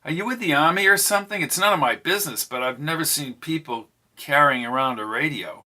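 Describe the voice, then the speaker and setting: A man's voice: on the high side, fairly quick, bright, forceful tone. A man reading an audiobook, voicing a forward, curious young baseball fan from the 1920s. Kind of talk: audiobook character voice.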